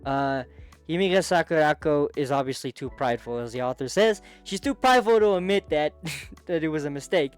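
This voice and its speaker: Brief: chatty male manga recapper, slightly higher voice, excitable, with faint music under. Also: fairly quick, smooth. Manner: excitable, chatty, many restarts and asides. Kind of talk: casual commentary.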